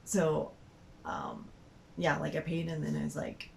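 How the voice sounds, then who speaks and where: A woman's voice: low voice, very animated, measured pace, vocal fry, a little hiss or hum, rough recording. A woman telling a story casually, rambling with lots of fillers. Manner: rambling, full of "like" and "um".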